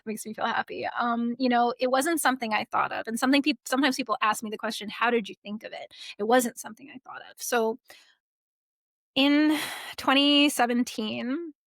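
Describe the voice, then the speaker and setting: A young woman, a podcast guest, telling a personal story in a casual, animated way, laughing often and saying "like" a lot. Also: fairly high pitch, a little fast, gravelly, no room sound, clean studio sound. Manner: animated, laughs often, many likes and restarts.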